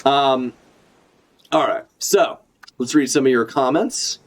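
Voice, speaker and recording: A man talking casually to his stream about a comic chapter, his voice sitting at an ordinary middle pitch. He rambles, swears freely and keeps correcting himself mid-sentence. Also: slow. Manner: rambling, profane, self-correcting. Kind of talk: casual live reaction chat.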